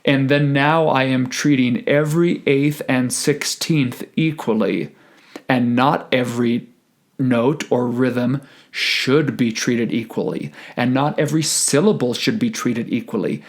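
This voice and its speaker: A man teaching choral diction, explaining slowly and carefully and breaking into sung phrases. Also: mid-range voice. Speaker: choral conductor.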